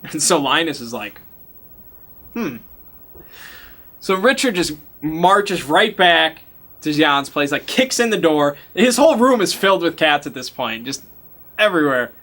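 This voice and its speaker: A man acting as game master, casually recapping a tabletop horror session with a bright, forceful voice that sits a bit high. He laughs often and drops the odd swear word. His talk is slangy and loose, in the manner of a friend telling a story. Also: very animated, normal speed.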